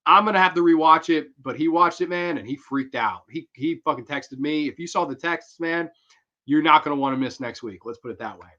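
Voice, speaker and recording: The voice is on the high side, a little fast, bright and forceful: a young man running a horror movie review livestream. He reads chat aloud and rambles casually with slang as he answers viewers, over dull lo-fi stream audio.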